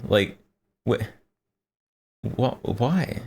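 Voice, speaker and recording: A man's voice: sits low, expressive, measured pace, long pauses. A man streaming live, reacting to a video and chatting jokingly with his viewers. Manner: joking, laughs often, talks to chat. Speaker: livestreamer. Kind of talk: casual reaction stream chat.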